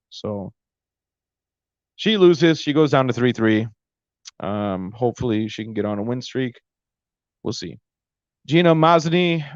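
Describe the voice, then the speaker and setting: A man's voice: mid-range voice, no room sound, muffled recording. A man hosting a podcast, recapping fights in a casual, rambling monologue and stumbling over names. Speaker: podcast host. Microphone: close mic.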